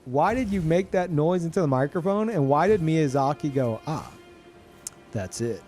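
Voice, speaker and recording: Excitable, swearing male game streamer. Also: a little high, a little fast, faint music behind. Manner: excitable, swears freely, laughs often; talks to chat. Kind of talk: casual live gameplay commentary.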